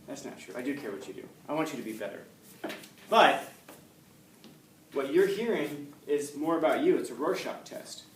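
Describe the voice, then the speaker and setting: A man's voice: fairly high pitch, expressive, moderate pace, pauses often. A man teaching a class, blunt and forthright, who keeps throwing rhetorical questions at his students. He is picked up from some distance away in an echoey classroom. A faint hum runs under his voice. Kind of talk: classroom lecture.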